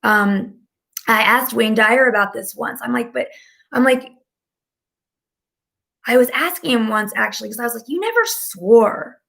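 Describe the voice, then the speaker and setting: A woman's voice: on the high side, fairly even intonation, moderate pace, vocal fry, long pauses, sharp tone. A woman giving a casual, rambling live-stream talk as a spiritual channeler, filling her speech with "like". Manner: chatty and rambling, heavy use of "like".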